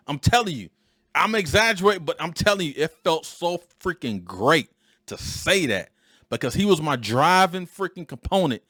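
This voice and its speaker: A man in his forties hosting a podcast, telling a personal story in an animated, emphatic way. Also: medium pitch, no room sound, clean studio sound. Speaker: podcast host. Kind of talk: storytelling monologue.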